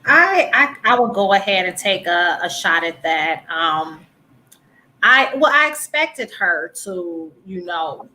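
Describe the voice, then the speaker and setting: A woman's voice: on the low side, sing-song, slow, bright, forceful tone, low-quality recording. A woman speaking as a guest on a talk show panel, direct and matter-of-fact.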